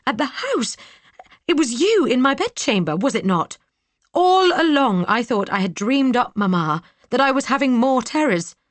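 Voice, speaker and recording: A woman's voice: fairly low pitch, dry recording, lightly acted. A woman voicing a grieving young woman confronting her brother, her voice rising, pleading and tearful.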